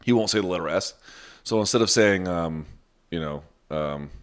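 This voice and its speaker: A man's voice: low-pitched, moderate pace. A man hosting a casual live chat, answering viewer questions off the cuff in a blunt, profane way.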